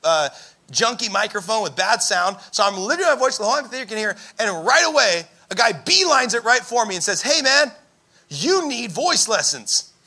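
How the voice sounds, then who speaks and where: A young man preaching a sermon, telling stories in an animated way and raising his voice for emphasis. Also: sits high, fast. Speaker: pastor.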